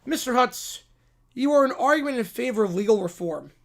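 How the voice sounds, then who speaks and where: A man's voice: very high-pitched, lively intonation, brisk, gravelly, heavily acted. A man playing a curt, stern judge. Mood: exasperated. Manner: dry, curt rulings. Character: stern, exasperated male judge.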